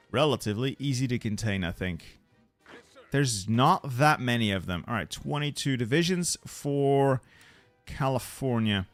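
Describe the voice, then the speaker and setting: A man talks through a strategy game in a loose, conversational way, often answering his viewers and repeating words under his breath. His pitch swings up and down a lot, with quiet music playing underneath. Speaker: gaming channel host. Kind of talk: casual strategy game commentary.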